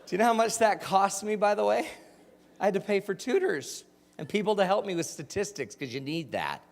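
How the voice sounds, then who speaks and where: Upbeat male keynote speaker in his forties, fairly high voice, full of asides and crowd questions, heard in a reverberant hall. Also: fairly quick, gravelly. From Utah. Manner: animated, jokey, asks the audience questions. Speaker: motivational speaker. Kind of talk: storytelling keynote talk.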